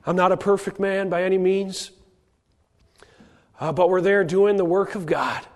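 A man's voice: high voice, fairly even intonation, a little slow, pauses often, big-room sound. A man with a cold, preaching an earnest missionary sermon with frequent hesitations and rising calls to action. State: has a cold.

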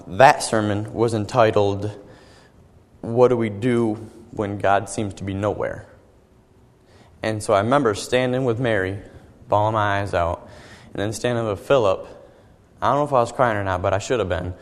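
A young man giving an earnest personal testimony as a sermon, halting and often repeating his words. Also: fairly low pitch, in a large hall. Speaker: young preacher.

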